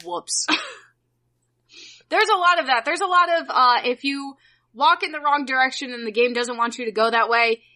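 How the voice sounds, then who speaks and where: Bright, excitable woman chatting. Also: high voice, moderate pace, long pauses. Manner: excitable, gushing, lots of fillers. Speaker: podcast co-host. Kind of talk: casual chat.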